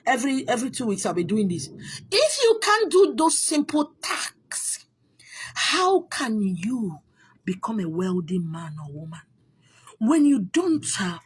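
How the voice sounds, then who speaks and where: A little high and breathy, this Nigerian woman's voice carries a spiritual teacher's casual monologue. She is exasperated and emphatic, going over the same ground again and again.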